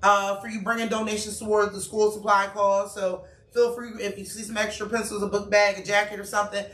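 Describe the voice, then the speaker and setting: A talkative woman chef runs through promos in an easy, slangy way, often laughing. Her voice is bright and sharp. It comes from some distance off in a roomy, echoing space. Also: medium pitch, brisk. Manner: chatty, laughing, relaxed slang. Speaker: chef and restaurant owner. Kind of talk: casual promo chat. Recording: echoey room, mic far off.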